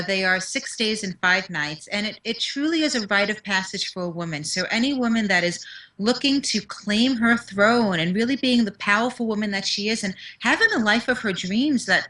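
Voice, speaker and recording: A woman's voice: mid-range voice, pushed and bright, rough recording. A woman with a New York accent, a confidence mentor speaking earnestly and emphatically on a video call interview. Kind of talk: interview conversation.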